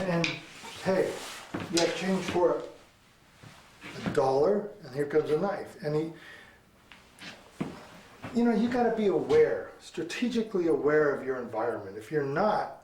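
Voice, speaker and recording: A martial arts instructor talks through a demonstration in a fairly high voice, bursting out with sharp sound effects to mark each strike. He is picked up from a distance, and the roomy space gives his voice a clear echo. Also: a little hiss or hum. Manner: animated, punctuates with sound effects like "boom" and "bang". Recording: echoey room, mic far off.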